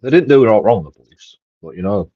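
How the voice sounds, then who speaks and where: A man's voice: on the low side, lively intonation, fast talker, breathy edge, no room sound. Man, swearing vlogger rant, dull dry lo-fi sound. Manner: swears heavily, rambling, with restarts and laughs. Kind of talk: casual ranting monologue.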